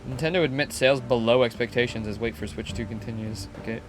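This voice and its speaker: A young man streaming a video game, joking, swearing and reading dialogue aloud with loud excitement. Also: mid-range voice, fast. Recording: game music behind.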